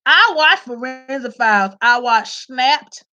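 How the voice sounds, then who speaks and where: A woman riffing straight to her viewers in a high voice. Her tone is bright and forceful. The commentary is loose and profane, and she breaks into laughs often. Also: lively intonation, takes it slowly, muffled recording. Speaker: vlogger. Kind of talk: casual comedic commentary.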